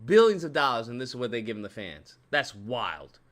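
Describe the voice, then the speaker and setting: A man giving ranting video commentary, profane and animated, repeating his points for emphasis. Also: mid-range voice, fairly quick. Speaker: YouTube commentator.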